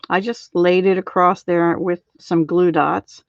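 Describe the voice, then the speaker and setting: A woman's voice: on the low side, little pitch movement, a little slow, no room sound. Chatty woman hosting a live craft stream. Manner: chatty, greets viewers by name, frequent ums and laughs. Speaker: card-making demonstrator. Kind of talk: casual live craft tutorial. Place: home craft room. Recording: dull lo-fi live stream audio.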